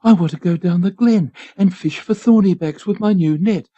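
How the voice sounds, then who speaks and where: A man's voice: high voice, normal speed, warm tone, pitched above the performer's own voice. A man reading a storybook, voicing a jealous, demanding little boy in a raised, eager voice. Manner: eager, insistent child's pleading. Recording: dull lo-fi community radio.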